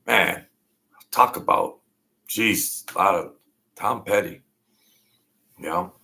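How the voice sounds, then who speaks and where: A man's voice: deep voice, takes it slowly, vocal fry, sharp tone. A middle-aged man hosting a casual late-night livestream from home, rambling and joking with lots of fillers. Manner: rambling, reminiscing, jokey, with many fillers. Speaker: livestream host.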